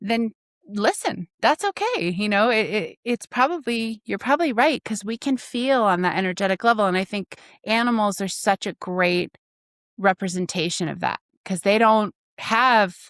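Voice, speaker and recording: Woman co-host, mid pitch, expressive, dry close sound. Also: dry recording. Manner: expressive, quick to quote herself. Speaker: podcast co-host. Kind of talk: casual conversation.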